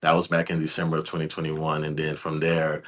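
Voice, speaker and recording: A laid-back young man from Louisiana, answering interview questions as a guest in a calm, soft-spoken way. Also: extremely low pitch, a little fast. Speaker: guest, videographer.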